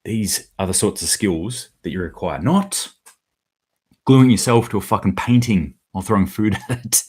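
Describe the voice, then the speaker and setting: A man's voice: lowish voice, moderate pace, darkish tone, husky. A man hosting his own daily preparedness commentary, talking casually and bluntly, rambling a little and swearing now and then. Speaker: host of a daily preparedness news show.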